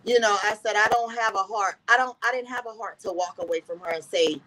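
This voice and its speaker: A woman's voice: medium pitch, fairly quick, sharp tone, low-quality recording. A woman guest in an interview, earnestly telling a personal story and often repeating "I said" as she recounts conversations.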